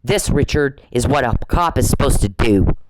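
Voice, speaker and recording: A man's voice: mid-range voice, lively intonation, normal speed, heavy background noise. A man delivering an angry podcast monologue, scolding and repeating short commands over and over. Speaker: podcast host.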